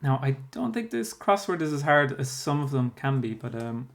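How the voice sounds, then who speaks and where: Patient teacher explaining spelling. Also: male voice, medium pitch, sing-song, moderate pace. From Ireland. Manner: patient and explanatory, with frequent fillers. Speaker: primary school teacher. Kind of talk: recorded spelling lesson explaining a workbook.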